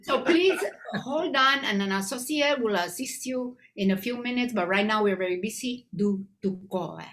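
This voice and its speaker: A woman imitating an automated phone-line message in a flat, formal put-on voice. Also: fairly high pitch, moderate pace, natural voice. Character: recorded phone-line announcement voice. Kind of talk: stand-up comedy.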